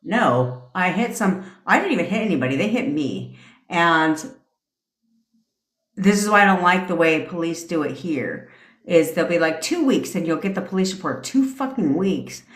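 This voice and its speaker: A woman's voice: lowish voice, expressive, normal speed. A woman hosting a live stream, telling stories in a brash, profane, casual rant. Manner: profane, brash storytelling with frequent laughs. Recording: echoey room.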